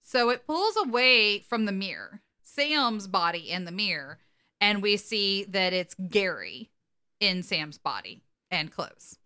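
A woman co-hosting a podcast, casually recapping an episode with animated, laughing delivery. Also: mid-range voice, takes it slowly, smooth. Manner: animated, acts out quotes, laughs often. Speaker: podcast co-host.

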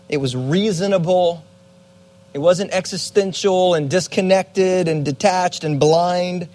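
An earnest young man preaching to a youth group in a slightly higher voice. He talks conversationally and slows into dramatic pauses to land his points. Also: darkish tone. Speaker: youth pastor. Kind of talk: Bible teaching sermon.

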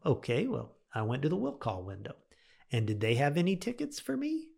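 A man's voice: fairly high pitch, huge pitch swings, fairly quick, creaky, a little mellow. A middle-aged man, a pastor, telling a personal story in a radio devotional and acting out his own thoughts.

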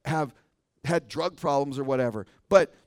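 An American man, a pastor, preaching a conversational sermon and often ending points with a quick "right?". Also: mid-range voice, dry recording, studio quality. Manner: conversational preaching, frequent tag question "right?".

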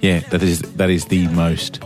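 A man's voice: sits low, flat delivery, moderate pace, music in the background. An Australian man co-hosting a radio breakfast show, jokey and a little rambling in casual banter. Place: radio studio.

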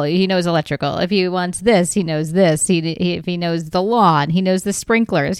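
A middle-aged woman hosting a comedy podcast, telling a story in an animated way, swearing freely and laughing often. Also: medium pitch, clear, resonant tone, dry recording, clean studio sound.

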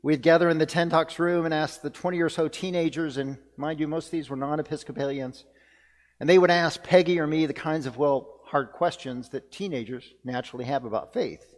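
A man with a slightly high voice preaches a sermon a little fast, earnest and reflective, returning to key phrases for emphasis. As pastor, he is recorded amid the long reverb of a church hall.

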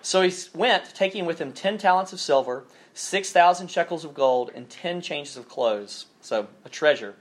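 A man's voice: a little high, expressive, normal speed, hardly any pauses. A man from southern Alabama with a faded Southern accent, giving a chatty, informal sermon as a campus minister and reading scripture aloud. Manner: chatty, self-deprecating, many fillers.

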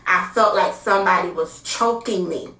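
A woman's voice: lowish voice, normal speed, pushed and bright. A young adult woman telling a personal story in a casual, candid way, with many fillers. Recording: roomy sound from a distance.

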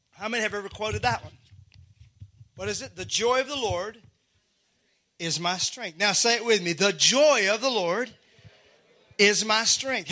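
High, bright-voiced preaching pastor. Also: male voice. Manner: preaching with rising shouts and laughter, playful asides. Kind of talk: sermon. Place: church stage before a congregation.

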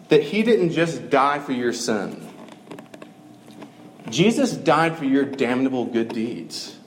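A man's voice: fairly high pitch, a little hiss or hum. A man giving a conversational, earnest sermon, with frequent fillers. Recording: echoey room with faint ambience.

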